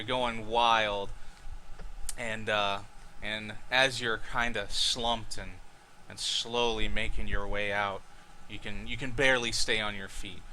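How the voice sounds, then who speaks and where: A man's voice: fairly low pitch, bright, forceful tone, slight background noise. A man narrating a tabletop game as dungeon master with vivid, rambling play-by-play.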